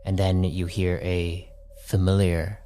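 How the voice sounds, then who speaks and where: A man runs a tabletop game in a slow, drawn-out narration. He restarts sentences and leans on fillers. His voice is on the low side, with a clear hiss behind it. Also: flat delivery, dark tone. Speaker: game master.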